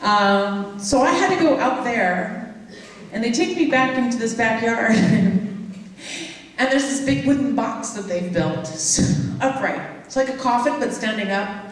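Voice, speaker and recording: Female panel guest, giggly halting anecdote, distant mic, long reverb. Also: fairly high pitch, animated. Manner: giggly, hesitant storyteller. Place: large convention hall. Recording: echoey hall recorded from far off.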